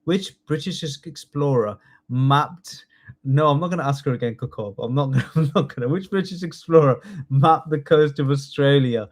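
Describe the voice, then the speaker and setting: A man's voice: a little high, normal speed. A man in his thirties, a tutor running a live online quiz lesson, chatty and jokey, reading out multiple-choice questions and praising students by name. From United Kingdom. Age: 30s. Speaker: citizenship test tutor.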